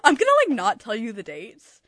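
A woman's voice: a little high, very animated, a little fast, a bit bright, dry recording. A young woman co-hosting a podcast, playful and teasing, laughing often in casual chat. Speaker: podcast co-host.

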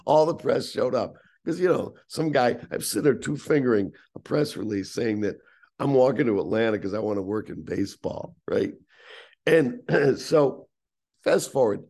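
A man's voice: mid-range voice, vocal fry, darkish tone. A man in his sixties, a guest telling a long personal story in conversation, acting out the voices of the people in it. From United States. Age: 60s.

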